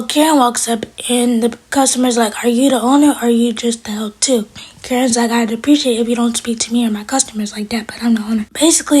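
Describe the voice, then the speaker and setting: A woman recapping a TV episode in a casual, animated way, quoting each character in her own voice. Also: on the high side, breathy edge. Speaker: TV episode reviewer. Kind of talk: casual recap, acting out lines.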